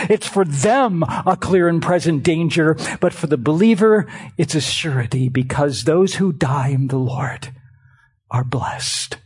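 Male preacher mid-sermon: slow and deliberate, husky, moves between hushed and forceful delivery. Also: on the high side. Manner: emphatic, repeats phrases for stress; swings between quiet and loud passages.

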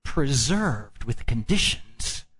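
A man's voice: mid-range voice, big pitch swings, takes it slowly, fairly bright tone, slightly rough. A man preaching a sermon. He draws out his phrases for emphasis and puts questions to the congregation. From Midwestern United States.

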